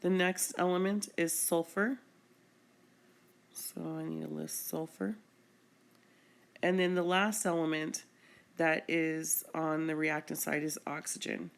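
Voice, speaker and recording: A woman's voice: sits low, fairly even intonation, takes it slowly, pauses often. A woman chemistry teacher explaining a screencast lesson patiently, step by step.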